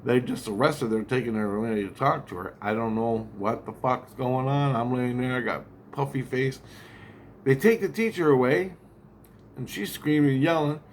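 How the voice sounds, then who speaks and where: A man's voice: mid-range voice, moderate pace, a little hiss or hum. A man talking in a casual vlog monologue, rambling, agitated and heavily profane.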